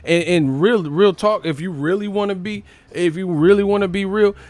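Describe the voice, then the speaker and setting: A man's voice: high voice, moderate pace, a little mellow, no echo. Profane ranting male live-streamer. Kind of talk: casual live-stream boxing commentary.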